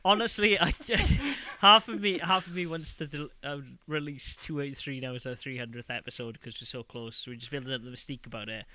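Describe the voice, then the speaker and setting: A man's voice: on the high side, a little fast, few pauses, pushed and bright, no echo. A man co-hosting a gaming podcast in casual chat, rambling and laughing often as he talks. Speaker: podcast co-host.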